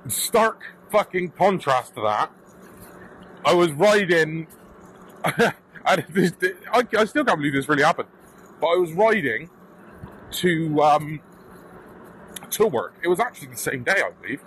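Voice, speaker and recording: A British man vlogging from his electric bike, telling an animated, casual story and swearing now and then. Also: on the high side, measured pace, long pauses, a little hiss or hum, low-quality recording. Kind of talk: casual storytelling while riding. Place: outdoors on a bike path.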